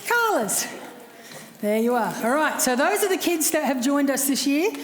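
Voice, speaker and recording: A woman with a very high voice gives casual announcements to a church congregation. She chats and coaxes shy children by name. Her voice rings around a large church hall with a long, echoey tail. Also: sing-song, normal speed, a little hiss or hum. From Australia. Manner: chatty, coaxing children by name. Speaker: children's program leader.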